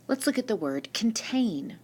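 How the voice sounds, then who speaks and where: A woman's voice: fairly high pitch, very animated, darkish tone, husky. A woman teacher giving a recorded spelling lesson, patiently asking questions and answering them herself. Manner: slow, patient, asks and answers her own questions. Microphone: screen-recording mic.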